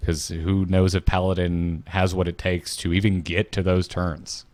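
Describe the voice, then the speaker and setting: Low-voiced man, dry close mic. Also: flat delivery, a little slow, darkish tone, no echo. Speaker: podcast co-host. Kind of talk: casual chat.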